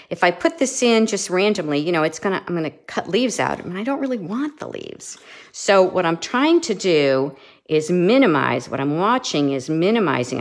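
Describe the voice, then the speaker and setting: Low-voiced woman teaching a craft. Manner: chatty, restarts often, thinks aloud while working. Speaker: papercraft instructor. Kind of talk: casual craft tutorial.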